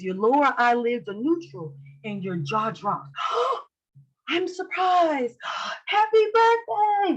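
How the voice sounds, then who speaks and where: A woman's voice: medium pitch, bright, forceful tone, rough recording. A woman leading an online class in a lecture style. She is playful and acts out facial expressions with joking lines. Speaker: instructor.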